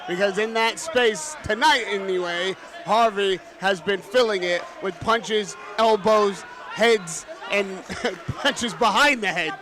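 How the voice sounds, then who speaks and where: A man's voice: high voice, slow pace. Articulate male boxing pundit. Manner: articulate, analytical, laughs easily. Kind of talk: live ringside analysis. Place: boxing arena. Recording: loud arena crowd behind. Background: arena crowd.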